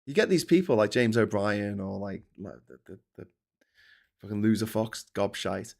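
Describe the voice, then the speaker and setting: A man's voice: lowish voice, moderate pace, gravelly. Sarcastic, swearing man ranting. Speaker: host. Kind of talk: casual political commentary.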